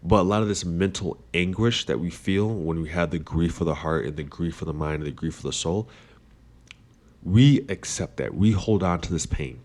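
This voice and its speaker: A man's voice: low voice, normal speed, a little mellow. A man hosting a casual philosophical monologue, rambling with many fillers and restarts. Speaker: podcast host.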